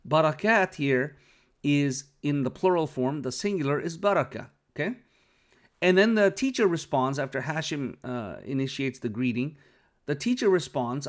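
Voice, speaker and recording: Patient male Arabic teacher explaining. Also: mid-range voice. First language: not Arabic. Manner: patient, checks understanding with frequent okays. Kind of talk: explaining a lesson.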